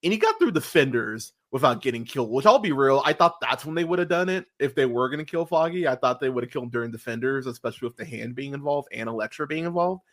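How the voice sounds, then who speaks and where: A man's voice: medium pitch, animated, quick pace, few pauses, a bit bright. A man hosting a podcast, chatting casually and animatedly, swearing freely with many fillers and restarts. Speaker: podcast host. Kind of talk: casual podcast review chat.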